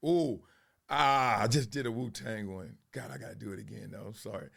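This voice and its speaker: A man's voice: fairly low pitch, fairly quick, vocal fry, a bit bright, husky. A man hosting a sports commentary show, talking loosely with slang and frequent laughs. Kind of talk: casual monologue turning into a rap.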